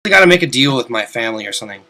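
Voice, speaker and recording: A young man giving casual, rambling commentary over a video game from his desk at home, swearing now and then and breaking into loud outbursts. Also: medium pitch, very animated, very fast. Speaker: let's play commentator.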